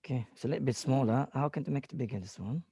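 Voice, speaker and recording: A man's voice: medium pitch, rapid-fire, creaky, warm tone, slightly rough, dry recording. A man teaching an Arabic class over a video call, patiently going through students' sentences word by word. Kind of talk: online class feedback.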